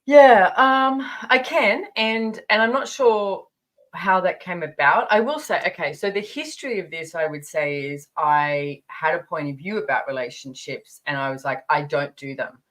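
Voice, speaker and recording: A woman's voice: on the low side, moderate pace, a bit bright. A woman in her fifties, a podcast guest, talking frankly and candidly in a casual interview, swearing freely and restarting her sentences. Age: 50s.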